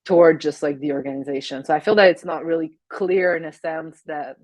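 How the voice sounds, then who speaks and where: A young woman from Canada with a French Canadian accent, a native French speaker, chatting as a podcast guest, hesitant with many fillers and quick laughs. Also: sits low, fairly even intonation, a little mellow, no room sound. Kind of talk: casual interview chat.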